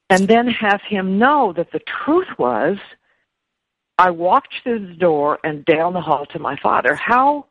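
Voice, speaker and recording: A woman speaking as an interview guest, emotional and halting, often repeating words. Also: medium pitch, creaky, slightly rough. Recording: dull lo-fi dry sound.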